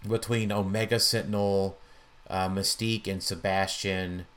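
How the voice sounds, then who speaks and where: A podcast co-host chats in a relaxed way about a tabletop miniatures game, his voice on the low side. He speaks haltingly with frequent restarts and ums, coming across as agreeable and easygoing.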